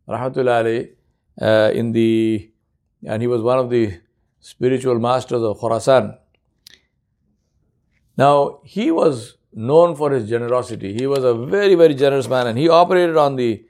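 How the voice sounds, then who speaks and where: A man's voice: mid-range voice, a little mellow. A man preaching a sermon, telling a story earnestly and using frequent Arabic honorifics.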